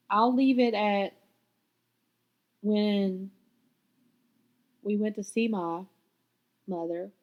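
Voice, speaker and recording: A woman hosting her own podcast tells her life story in a raw, candid, confessional way, swearing freely. Her voice is mid-range and the audio sounds dull.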